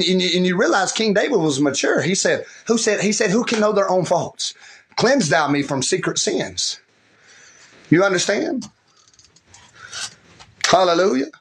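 A man delivering a fervent sermon, his voice bright and forceful and pitched a little high. He keeps circling back with call-and-response asides to the congregation. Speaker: preacher.

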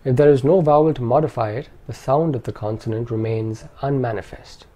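A man calmly narrating a pronunciation lesson with measured, precise enunciation. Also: medium pitch. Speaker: language teacher. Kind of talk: instructional narration.

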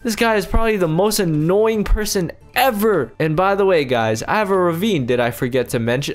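A young man giving excited gameplay commentary as a YouTuber, talking to his viewers in exasperated, loud outbursts. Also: high-pitched, a little fast, few pauses. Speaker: YouTuber playing a video game.

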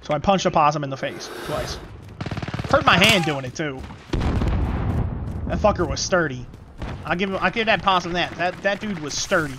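A game streamer telling a rambling, profane story in casual chat while playing, with quick callouts to the match. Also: medium pitch, lively intonation, noisy background. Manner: gives quick gameplay callouts. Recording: loud game gunfire behind voice. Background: shooter game gunfire and announcer callouts.

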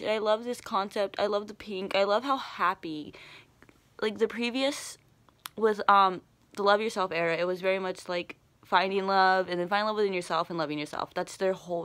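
A woman's voice: medium pitch, a bit bright. A woman vlogger talking casually to camera, gushing and rambling with lots of fillers.

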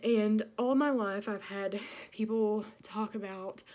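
A woman's voice: medium pitch, steady tone, slow pace, a little mellow. Nervous, breathless young woman. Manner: earnest, nervous. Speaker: teaching program applicant. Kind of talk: video application answers, partly prepared.

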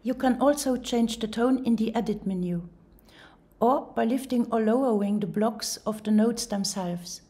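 Calm woman narrating a software tutorial. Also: fairly high pitch. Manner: calm, step-by-step instructional. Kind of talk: tutorial voice-over.

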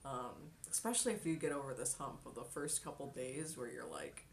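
A woman's voice: a bass voice, lively intonation, brisk, slight background noise. A woman streamer in casual chat, talking loosely with many ums and likes and laughing often. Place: home kitchen.

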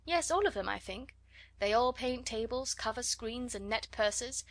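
An easygoing young gentleman, friendly and open-hearted, voiced by a woman reader. He speaks in a cheerful, lively way, lifting his phrases. It is an audiobook reading. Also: fairly high pitch, a little slow, no room sound. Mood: genial.

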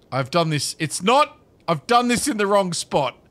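This gaming video creator talks to himself while playing, offering casual commentary and repeating phrases between nervous chuckles. His voice sits high and sounds a bit bright.

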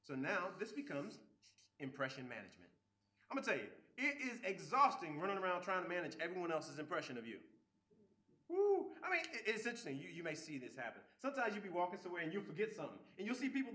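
A man leads a relationship seminar with a high, bright voice that swings widely in pitch. He acts out the people he quotes and often repeats his first words before a sentence gets going. The room around him is echoey. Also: quick pace. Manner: animated, repeats words when starting sentences. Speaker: seminar speaker. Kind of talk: lively seminar talk.

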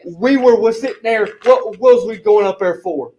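Man, high voice, loose and animated storyteller, casual church-group testimony. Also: moderate pace, highs cut off. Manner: animated, rambling storyteller, repeats "flipping" as a filler. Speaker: bible study group member.

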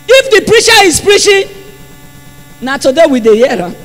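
A man's voice: very high voice, very animated, normal speed, a bit bright. A man with a Nigerian accent preaching a sermon in church, impassioned and repeating phrases for emphasis. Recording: long hall reverb.

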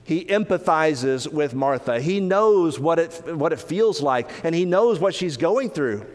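A man preaching a sermon, earnest, often rising for emphasis and slowing down on key phrases. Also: fairly high pitch, lively intonation, long reverb tail. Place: church sanctuary.

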